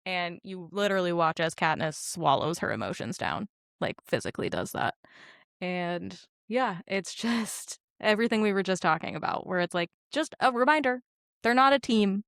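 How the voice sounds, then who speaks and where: Lively laughing woman podcast co-host. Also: fairly low pitch, moderate pace, gravelly, no echo, studio quality. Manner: animated, laughs often, acts out quotes. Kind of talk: casual film discussion.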